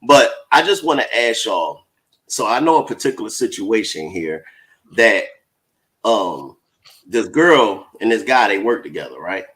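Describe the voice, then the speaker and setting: A man's voice: lowish voice, very animated, unhurried, a bit bright. A man co-hosting a casual chat show, talking emphatically and laughing often. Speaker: co-host.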